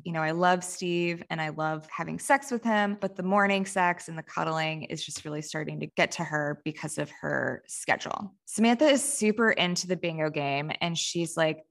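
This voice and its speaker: Woman, podcast co-host, low gravelly voice, chatty recap that mimics the characters. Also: a bit bright. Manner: chatty retelling, acting out characters' lines in quick asides. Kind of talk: casual chat.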